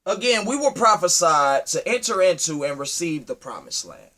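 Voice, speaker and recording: A man delivering an impassioned, preachy monologue, firing rhetorical questions at his listeners and swinging from loud to low. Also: lively intonation, normal speed. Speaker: speaker addressing his community.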